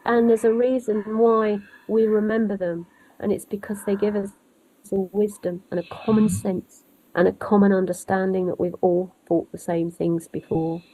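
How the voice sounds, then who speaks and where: Casting: woman storyteller, wry and lively, conversational, prone to tangents. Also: mid-range voice, moderate pace, poor audio. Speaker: storyteller guest. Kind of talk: conversational interview.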